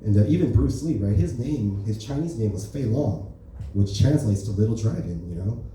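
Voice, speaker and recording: A man's voice: fairly low pitch, animated, normal speed, warm tone, far from the mic, slight background noise. A man doing an open-mic stand-up set in a comedy club, talking loosely and offhand with lots of "right?" and "you know". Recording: echoey club recorded from afar.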